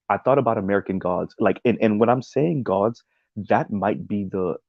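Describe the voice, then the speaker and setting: Low, gravelly male streamer: loose, rambling talk, reads chat aloud, full of "um" and "right?", on a dull lo-fi mic. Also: no echo. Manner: rambling, many "um"s and "right?" tags. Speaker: streamer reacting to a video essay. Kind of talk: casual livestream commentary, reading chat.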